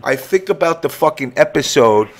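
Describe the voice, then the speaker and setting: A man's voice: fairly high pitch, lively intonation, moderate pace. Profane joking man in his forties. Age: 40s. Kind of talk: casual chat.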